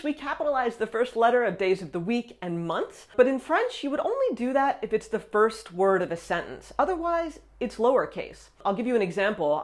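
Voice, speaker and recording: Woman running a french lesson video, upbeat, counts down tips, mid pitch. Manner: upbeat, with frequent "all right" and list countdowns. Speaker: French language teacher.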